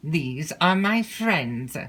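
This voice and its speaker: A woman's voice: low-pitched, lively intonation, fairly bright tone, husky, heavily acted. A woman doing a cold, commanding nobleman. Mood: curt, cold. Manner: slow, curt, commanding. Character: stern, cold, domineering older nobleman.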